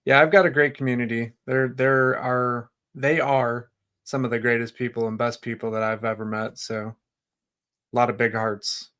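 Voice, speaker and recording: A man's voice: medium pitch, flat delivery, moderate pace, fairly bright tone. Easygoing male streamer guest. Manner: easygoing, laughs often, earnest. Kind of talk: casual interview chat.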